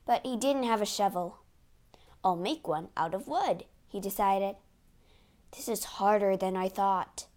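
Slow, expressive woman reading a storybook. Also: medium pitch. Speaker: narrator. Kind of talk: scripted storybook narration.

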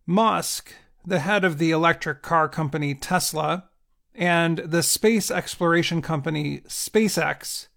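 A man reading a news report in a slow, deliberate scripted style for language learners. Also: sits high, fairly bright tone. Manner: deliberate, evenly paced delivery. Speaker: news reader.

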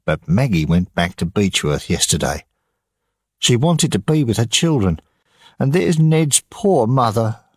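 A man's voice: mid-range voice, very animated, a little slow, darkish tone, slightly rough, no echo, clean studio sound, pitched above the performer's own voice. A man voicing a townswoman in an audiobook reading, explaining plainly. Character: townswoman answering a question.

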